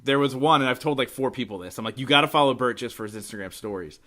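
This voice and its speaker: A man's voice: medium pitch, fast, a bit bright. A man hosting a podcast interview, chatting casually and eagerly, laughing often and using slang. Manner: enthusiastic, laughs often, says dude and legit. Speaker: podcast host.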